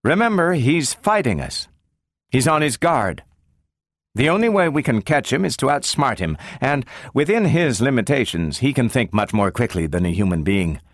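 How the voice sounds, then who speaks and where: A man's voice: medium pitch, big pitch swings, normal speed, dry recording, clean studio sound, pitched above the performer's own voice. Role: man putting on a tense, intense woman psychologist. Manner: urgent. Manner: urgent, insistent.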